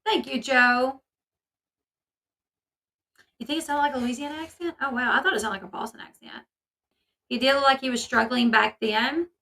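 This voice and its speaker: A woman's voice: high voice, moderate pace, long pauses, bright, forceful tone, far from the mic, rough recording. A woman hosting a casual commentary video, chatty and opinionated with many fillers. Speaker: commentary channel host.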